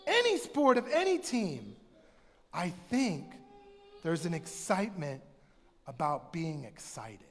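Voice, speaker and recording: A man preaching a conversational sermon in a church, telling animated stories and sometimes shouting for effect. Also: on the high side, slow, pauses often, faint music behind. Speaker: pastor. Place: church sanctuary. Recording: church hall reverb.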